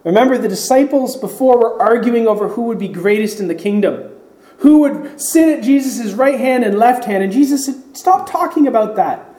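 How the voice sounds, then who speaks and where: A man's voice: extremely high pitch, moderate pace, mellow, echoey room, poor audio. A man preaching a sermon as pastor, explaining scripture and acting out the voices in the story.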